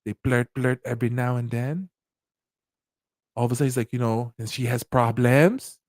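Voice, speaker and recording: A man hosting a commentary channel, talking casually in an animated, profane way and often laughing. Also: medium pitch, normal speed, no echo, clean studio sound.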